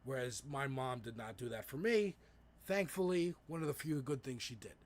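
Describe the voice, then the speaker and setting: A man co-hosts a casual political livestream, rambling and cursing freely with many restarts. His voice is medium-pitched and animated, at a moderate pace.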